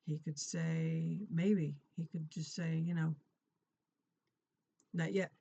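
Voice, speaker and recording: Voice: mid-range voice, completely flat delivery, slow, mellow, husky, dull audio. A middle-aged parent sharing a personal prayer testimony to encourage viewers, talking earnestly and conversationally, often repeating and restarting phrases. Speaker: Christian encouragement vlogger.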